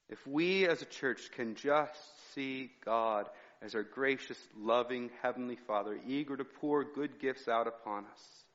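A man's voice: medium pitch, a bit bright. A male pastor giving a conversational sermon, weaving personal stories into his teaching. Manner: conversational preaching with personal anecdotes. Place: church sanctuary. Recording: reverberant hall, dull sound.

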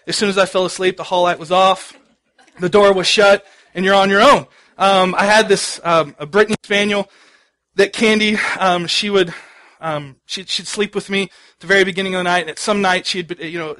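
A pastor giving a sermon, telling stories in a conversational way with many fillers. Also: male voice, sits high, pushed and bright. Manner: conversational storytelling with frequent fillers.

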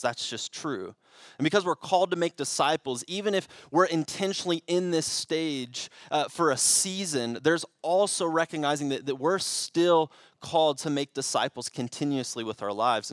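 A man's voice: fairly high pitch, a bit bright, no room sound. Casual young male preacher, dry close sound. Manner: conversational with frequent restarts and fillers. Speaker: pastor. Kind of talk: sermon.

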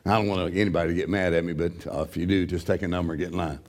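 A middle-aged man preaching a sermon as a pastor, with a gravelly voice, swinging from loud shouting to low joking asides. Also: fairly even intonation, very fast.

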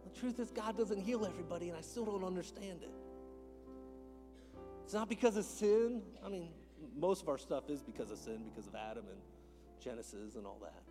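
A man preaching a sermon as a pastor in a church, moving between hushed whispers and loud, impassioned calls. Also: sits high, expressive, a little fast, music in the background. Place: church sanctuary.

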